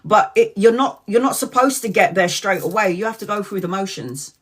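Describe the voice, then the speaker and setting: Brisk and mid-range, this woman in her forties hosts a casual tarot live stream. She speaks openly and chattily, swears a lot, and addresses viewers by name.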